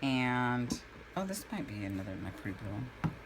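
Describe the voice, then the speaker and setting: A woman's voice: very deep voice, sing-song, normal speed, background noise. Chatty woman painting and rambling. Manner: chatty, rambling storyteller who acts out her own reactions. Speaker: crafting vlogger. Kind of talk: casual chat while painting.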